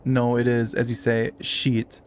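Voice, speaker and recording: A man voicing a haughty, dismissive male frog-man with a put-on French accent, gravelly in tone. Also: mid-range voice, completely flat delivery, unhurried, soft background music, lightly acted. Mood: scornful. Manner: dismissive, sniffy.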